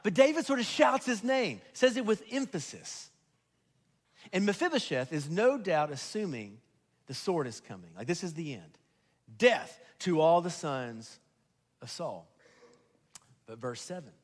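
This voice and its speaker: A man preaching a sermon as pastor, swinging between loud emphasis and hushed, quiet stretches. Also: on the high side, very animated, measured pace, long pauses, in a large hall. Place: church sanctuary.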